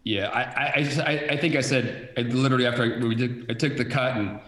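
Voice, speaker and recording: Halting, reflective man in a roomy space. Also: medium pitch, fairly bright tone. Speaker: TV sports director. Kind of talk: casual storytelling. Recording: roomy echo.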